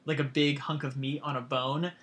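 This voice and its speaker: A young man co-hosting a casual chat, rambling with halting restarts. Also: fairly high pitch, little pitch movement, a loud crowd. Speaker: podcast co-host.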